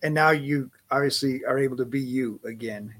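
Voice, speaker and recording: A male podcast host sets up his next question in a thoughtful, measured way. He builds his point by stacking up a list of phrases before handing it over to his guest. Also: medium pitch, fairly bright tone. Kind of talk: interview question.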